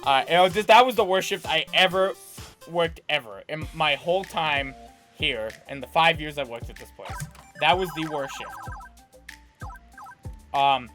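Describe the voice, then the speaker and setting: High, bright-voiced man telling a rambling story. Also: measured pace, long pauses, soft background music. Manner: rambling, animated anecdote-telling with restarts and laughter. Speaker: podcast co-host. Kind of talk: casual storytelling chat.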